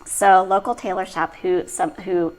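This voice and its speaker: A woman's voice: lowish voice, unhurried, poor audio. A middle-aged woman, a style coordinator, telling stories in a casual interview and laughing often. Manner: lively storyteller, laughs often.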